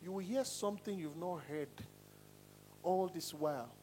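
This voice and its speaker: A man teaching a singing class, animated and demonstrative, often asking if he's understood. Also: normal speed, a little hiss or hum, low-quality recording. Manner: animated, demonstrating voices with sudden pitch swings. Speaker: singing coach. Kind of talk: voice lesson to a class.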